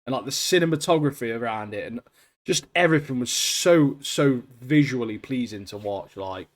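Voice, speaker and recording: A man co-hosting a podcast in casual chat, excitable and dropping "mate" into nearly every sentence. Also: medium pitch, moderate pace. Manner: excitable, says "mate" constantly, trails off quietly at phrase ends. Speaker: podcast co-host.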